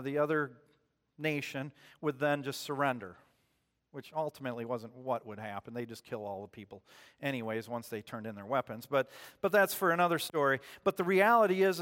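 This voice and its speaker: A man preaching a sermon in a church, retelling stories in a relaxed, conversational way and putting questions to the congregation. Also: a little high, big-room sound.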